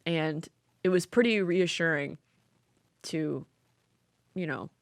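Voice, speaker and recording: A woman's voice: sits low, slow, gravelly, dry recording. A young woman co-hosting a podcast, chatting casually and laughing often, with lots of fillers. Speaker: podcast co-host. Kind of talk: casual chat.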